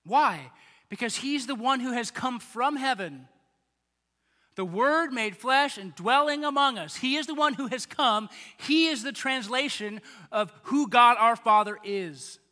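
A man with a very high, bright voice preaches a sermon. He talks in a chatty, animated way. His voice rings out with the long reverb of a big hall. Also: measured pace. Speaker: pastor.

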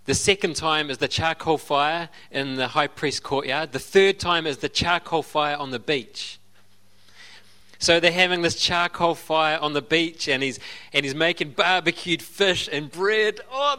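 Bright-voiced Australian pastor, chatty. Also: male voice, on the high side, unhurried. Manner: conversational storytelling with asides and laughs. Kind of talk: sermon.

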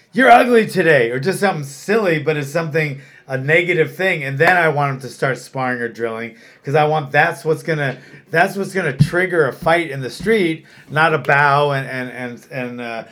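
A man who coaches fighters holds court in relaxed chat. His voice sits a little high for a man, and his talk is blunt and peppered with swearing. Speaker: fight gym owner, coach. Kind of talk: casual podcast chat.

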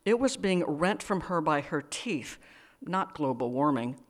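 A woman's voice: sits low, animated, unhurried. Woman author, live reading, dry and wry, hesitant asides. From United States. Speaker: author reading her work.

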